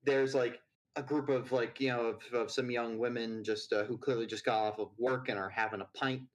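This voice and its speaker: Man, game master, tabletop game narration, middle pitch, rambling, many fillers. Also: steady tone, a little fast, rough recording. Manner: loose and rambling, full of fillers.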